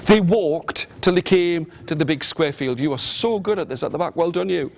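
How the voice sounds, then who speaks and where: A man telling a fairy tale to children with animated, rhythmic repetition, coaxing his listeners to join in. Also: on the high side, moderate pace, gravelly, hardly any pauses. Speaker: storyteller. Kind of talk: interactive storytelling to children.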